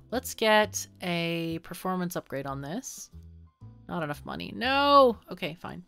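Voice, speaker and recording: Lively-voiced woman gaming host. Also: mid-range voice. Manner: chatty, wry, thinks aloud. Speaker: let's play host. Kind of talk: casual gameplay commentary.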